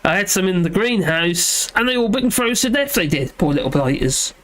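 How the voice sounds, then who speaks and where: Man with a fairly high voice, hosting a live chat from home; rambly, self-deprecating, lots of ums. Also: lively intonation, fairly quick, bright, forceful tone. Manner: rambling, self-deprecating, many fillers and restarts. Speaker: livestream host reading chat.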